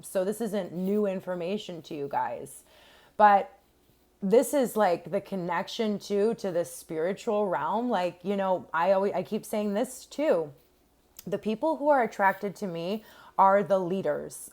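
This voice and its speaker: Young woman doing a tarot reading, kinda low voice, rambly and chatty. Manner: chatty and rambling, with many fillers and restarts. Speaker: tarot reader. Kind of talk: casual tarot reading to camera.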